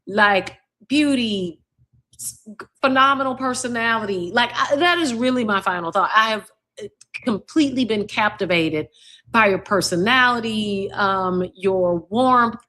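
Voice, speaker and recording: Warm, reflective woman guest. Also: medium pitch, a little slow. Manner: warm, reflective, gushing praise. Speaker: university president, guest. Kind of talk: casual interview chat.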